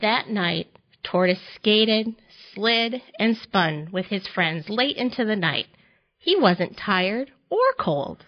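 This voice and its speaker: A woman reading a children's picture book aloud for a library storytime, gentle, expressive and unhurried. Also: medium pitch. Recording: slightly dull audio.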